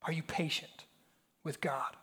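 A man's voice: a little high, little pitch movement, a little slow, sharp tone, breathy edge. A pastor in his thirties preaching a sermon, telling stories animatedly and firing rhetorical questions at the congregation.

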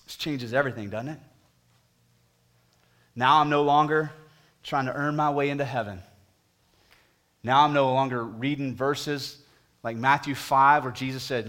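A man preaching a sermon, pleading with the congregation, moving from booming emphasis to hushed appeals. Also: a little slow, long pauses. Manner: talks to the congregation directly with questions. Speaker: pastor.

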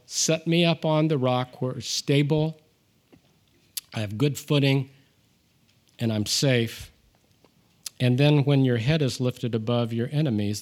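Animated male preacher. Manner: animated, rises in pitch and volume when reading scripture aloud; conversational with asides and self-deprecating humor. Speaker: pastor. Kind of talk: sermon.

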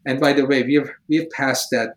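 A man's voice: medium pitch, steady tone, moderate pace, low-quality recording. A man from Iran, telling his personal testimony in an interview in earnest, emotional, slightly broken English. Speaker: evangelist guest.

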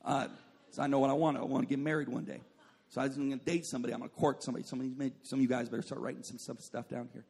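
A man's voice: mid-range voice, little pitch movement, racing, creaky, darkish tone, slightly rough. A man preaching a sermon as a pastor, joking and telling stories, often saying "like" and calling on the congregation to respond. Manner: joking, storytelling with asides to the congregation; says "like" often and calls for responses.

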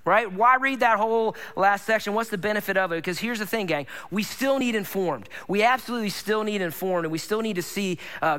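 A male pastor delivering a casual, enthusiastic sermon. His voice sits high and rings bright, and he talks to the congregation like friends. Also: clean tone. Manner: conversational, enthusiastic, addresses congregation as gang.

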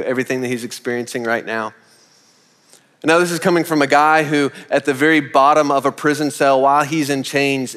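A man's voice: mid-range voice, fairly bright tone. Man preaching in a reverberant hall. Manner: earnest, repeats key points, rhetorical questions. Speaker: pastor. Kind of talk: sermon.

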